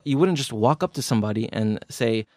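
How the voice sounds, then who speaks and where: A man co-hosting a podcast lesson, joking and teasing while explaining grammar slowly. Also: mid-range voice, animated, a little mellow, dry recording, studio quality. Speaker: podcast co-host teaching Japanese. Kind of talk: casual language lesson banter.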